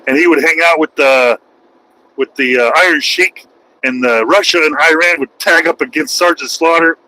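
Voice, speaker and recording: Driving down the highway, a US trucker livestreams a casual chat, rambling, cracking jokes, and sometimes erupting loudly. His voice is a little high at normal speed, and the audio quality is poor.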